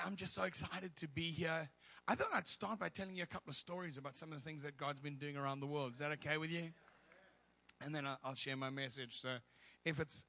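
Here a middle-aged man guest-preaches in a church, telling stories from his own life in a humorous, conversational style with side remarks. The voice is fairly high and sharp.

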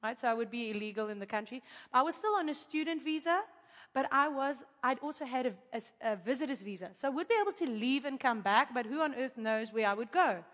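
A woman preacher telling a testimony to her audience in an animated, chatty way, with asides to the crowd. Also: high-pitched, fast. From South Africa. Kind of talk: testimony in a sermon. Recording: long hall reverb.

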